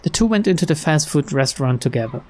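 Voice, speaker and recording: A young man reads a visual novel aloud for viewers, his voice sitting a bit higher than most men's. He switches between plain narration and relaxed, chuckling side remarks. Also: quick pace. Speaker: let's player.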